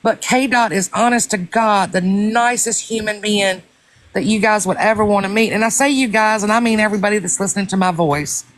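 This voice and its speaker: A woman's voice: mid-range voice, fairly even intonation, a little fast. A woman hosting a casual live stream chat, emphatic and talking straight to her listeners. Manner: emphatic, swears oaths, addresses listeners as y'all.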